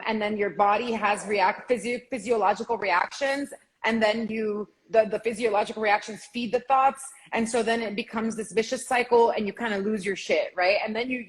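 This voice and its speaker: A woman's voice: a little high, a bit bright, poor audio. A woman co-hosting a casual live stream, explaining with many fillers. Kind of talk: casual chat.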